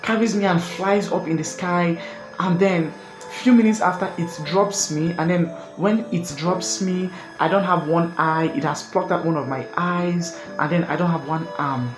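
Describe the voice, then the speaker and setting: A woman's voice: on the low side, fairly even intonation, normal speed, natural voice. Man playing his girlfriend, young woman, eager and insistent, in an echoey room with music. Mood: excited. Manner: insistent, pleading. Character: excitable young girlfriend asking a wild what-if.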